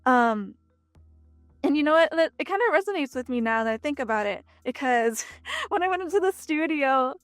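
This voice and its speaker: A young woman from Texas, a voice actress chatting in an interview, talking freely with many fillers and lively asides. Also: high voice, normal speed, no room sound, soft background music. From Texas, United States. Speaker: voice actress guest. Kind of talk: casual interview chat.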